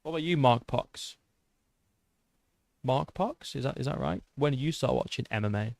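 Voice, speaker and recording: A man in his twenties with a British accent, hosting an MMA channel and reading viewer comments in a casual livestream chat. He swears often, restarts his sentences and argues with a rough edge. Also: mid-range voice, expressive, moderate pace, darkish tone, no echo. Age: 20s. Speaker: YouTube MMA channel host.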